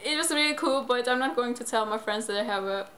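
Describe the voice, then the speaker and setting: A woman's voice: on the high side, fast talker, bright, forceful tone. A teenage girl chatting casually in a home vlog, giggling often. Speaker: vlogger. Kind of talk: casual chat. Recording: noisy home video.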